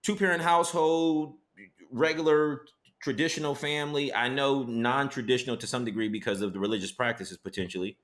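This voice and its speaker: A man hosting a podcast, a psychotherapist telling stories in lively conversation, often checking in with "right?". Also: medium pitch, a little fast. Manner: animated storyteller, tags his points with "right?". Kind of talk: casual interview conversation.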